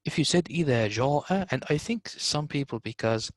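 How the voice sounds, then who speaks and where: Man teaching pronunciation, slow demonstrations. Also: a little high, animated, no room sound. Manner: demonstrates sounds by contrasting them, repeating examples slowly; hesitant fillers, informal address to students. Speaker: Quran recitation teacher. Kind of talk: online tajweed lesson.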